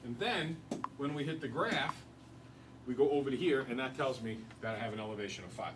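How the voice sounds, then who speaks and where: A male teacher lecturing a class in an animated, joking storyteller way. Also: mid-range voice, brisk, a little hiss or hum.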